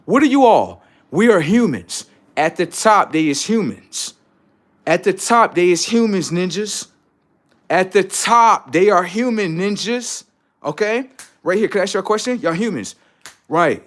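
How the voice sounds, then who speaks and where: A man with rants on his livestream in a profane, preachy monologue. His voice sits a little high and swings widely in pitch. He climbs from low muttering to near-shouts as he hammers his points home. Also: very animated, measured pace. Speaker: livestream host. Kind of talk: unscripted livestream rant.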